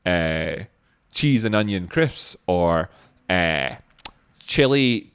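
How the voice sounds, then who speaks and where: A man's voice: lowish voice, dry recording, clean studio sound. A Scottish man hosting a livestream in a casual, rambling chat full of fillers. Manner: rambling, laid-back, with frequent fillers. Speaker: livestream host.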